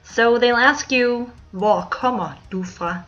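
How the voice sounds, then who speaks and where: A woman from Denmark teaching a language lesson, repeating each phrase slowly and clearly for learners. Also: mid-range voice, fairly bright tone, lo-fi sound, faint music behind. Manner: clear, slow model pronunciation with repeated phrases.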